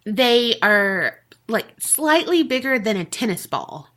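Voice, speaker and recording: Slow, bright-voiced woman storyteller. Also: on the high side, sing-song. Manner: casual, profane, laughs often. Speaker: podcast co-host. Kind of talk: casual storytelling chat.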